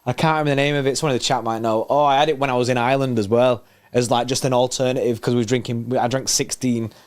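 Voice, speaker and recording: A man's voice: medium pitch, steady tone, very fast, clear, resonant tone. A man co-hosting a live football watchalong, chatting laid-back and laughing easily. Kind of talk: casual banter on a livestream.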